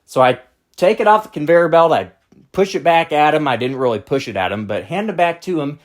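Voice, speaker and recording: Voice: medium pitch, animated, brisk. A channel host telling a storytime rant in a blunt, exasperated manner with casual profanity.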